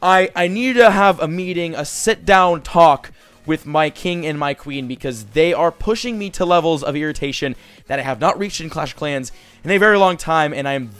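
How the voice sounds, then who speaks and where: A young man talks through a game as he plays, excitable and quick to get frustrated, swearing freely. His voice sits a little high for a man. Faint game music plays behind him. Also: smooth, no echo. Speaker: gaming commentator. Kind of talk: casual gameplay commentary.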